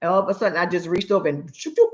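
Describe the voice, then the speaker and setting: A woman co-hosting a talk show, telling family stories in an animated way and laughing often. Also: lowish voice, very fast. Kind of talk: casual storytelling.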